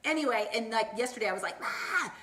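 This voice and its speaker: A bubbly woman in her thirties gives motivational tips on a live stream, chatty and full of tangents. Her voice sits a little high, and the room around her rings with echo. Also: animated, fairly quick, a bit bright. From Southern California. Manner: bubbly, tangent-prone, acts out quoted voices. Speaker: wellness vlogger. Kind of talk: upbeat motivational Facebook Live chat. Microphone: phone or laptop mic, live stream.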